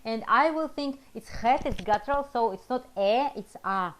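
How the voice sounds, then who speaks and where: A woman language teacher leading a class over a video call. Her voice sits a little high, and she sounds patient and encouraging as she repeats phrases slowly for the students. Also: a little hiss or hum.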